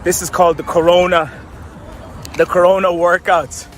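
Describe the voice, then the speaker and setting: Brief: Irish-accented man in his thirties, chatty and upbeat, a touch higher voice, faint music behind. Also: flat delivery, normal speed. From Tanzania. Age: 30s. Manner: upbeat, chatty, laughs often. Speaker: vlogger and marketing coach. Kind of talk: casual vlog chat.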